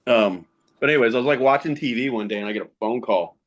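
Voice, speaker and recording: A man's voice: medium pitch, fast, muffled recording. A man in his thirties, a podcast guest, telling casual stories about fatherhood and gaming, laughing often as he talks. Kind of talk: casual storytelling.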